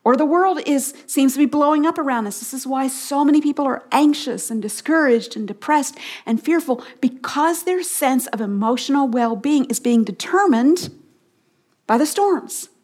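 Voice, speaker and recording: A middle-aged woman giving a Bible teaching on a radio program, leading listeners in slow call-and-response repetitions of key phrases. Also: sits high, lively intonation, darkish tone.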